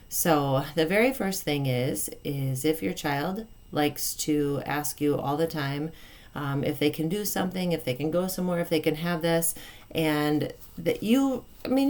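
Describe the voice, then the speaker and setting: Woman parenting coach, kinda low voice, calm and kind, plays out little parent-kid exchanges. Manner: calm, kind, plain-spoken, acts out parent and child phrases. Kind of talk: advice talk to camera.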